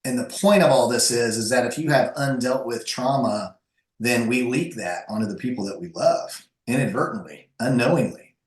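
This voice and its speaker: Animated man telling stories in an echoey room. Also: medium pitch, moderate pace. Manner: animated, lively storyteller with frequent restarts. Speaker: guest. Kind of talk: conversational storytelling.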